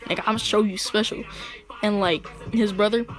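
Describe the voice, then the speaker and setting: A woman's voice: medium pitch, fairly even intonation, moderate pace, over music. A woman casually telling a fan-fiction story in slangy, joking talk, often breaking into laughter.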